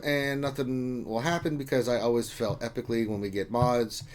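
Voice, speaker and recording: A man's voice: mid-range voice, steady tone, moderate pace, few pauses. A man co-hosting a casual gaming livestream, reading viewer comments aloud in a loose, joking way with some mild swearing. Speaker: livestream co-host.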